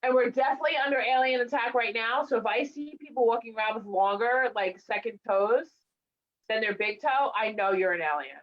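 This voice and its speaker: A woman hosts a casual comedy interview, rambling with plenty of fillers and playful exaggeration. Her voice sits a little high. The audio is dull and lo-fi. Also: fairly quick. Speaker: talk show host.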